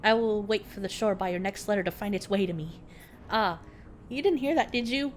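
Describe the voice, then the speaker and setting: A woman's voice: mid-range voice, brisk, slight background noise, natural voice. A woman reading a young female game character's lines aloud, swooning over a love letter. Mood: dreamy.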